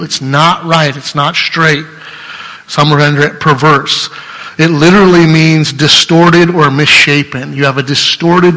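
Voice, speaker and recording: A man's voice: on the high side, bright, forceful tone. Earnest man preaching in an echoing hall. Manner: earnest, conversational, restarts mid-sentence. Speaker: pastor. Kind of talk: sermon.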